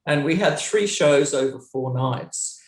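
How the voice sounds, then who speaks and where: A woman's voice: a little slow, echoey room. A middle-aged woman, a former touring roadie, telling a story in an interview, acting out the dialogue and laughing as she goes. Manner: lively, acts out quoted dialogue with big pitch jumps.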